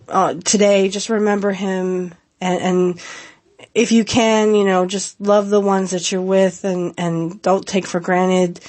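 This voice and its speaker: A woman's voice: mid-range voice, a little mellow. A woman hosting a solo podcast, talking in a heartfelt, rambling way with many fillers and restarts. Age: adult with a young child. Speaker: podcast host. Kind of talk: casual solo podcast talk.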